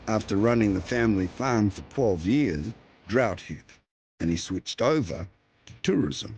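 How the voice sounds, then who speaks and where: A man's voice: low voice, a little mellow, slight background noise. A man with an Australian accent presenting a travel show, narrating and bantering in a playful, joking way.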